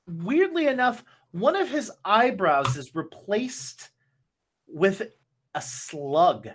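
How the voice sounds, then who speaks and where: A woman narrating a tabletop game as game master, halting with many restarts. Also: mid-range voice, sing-song, breathy edge.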